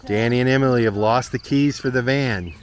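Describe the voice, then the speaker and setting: An easygoing man of middle pitch narrates his travel vlog out loud as he hikes a mountain trail, chatty and eager about what he passes. Crickets and insects hum faintly behind him in the open air. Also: brisk. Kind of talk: casual walking narration to camera.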